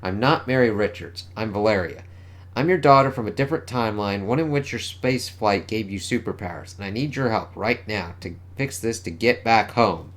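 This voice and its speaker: A man reading the lines of an urgent, analytical young woman genius from a comic, in a slightly hurried voice. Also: on the low side, lively intonation, close to an everyday voice.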